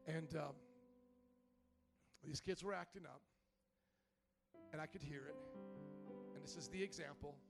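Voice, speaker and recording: A man in his thirties preaching a sermon in church, swinging from soft, choked-up storytelling to loud, shouted exhortation. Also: measured pace, vocal fry, pauses often, over music. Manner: preaching with big emotional swings, shouting high when fired up. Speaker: pastor. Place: church sanctuary.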